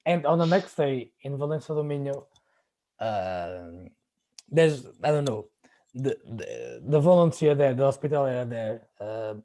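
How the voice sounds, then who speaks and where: Halting man searching for words. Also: mid-range voice, very animated, warm tone, poor audio. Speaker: podcast host. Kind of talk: casual chat, personal stories.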